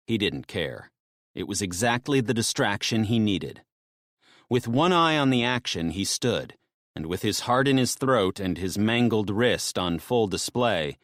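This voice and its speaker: Lively male audiobook narrator, dry sound. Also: no echo. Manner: tense storytelling, drops low and soft in grim moments.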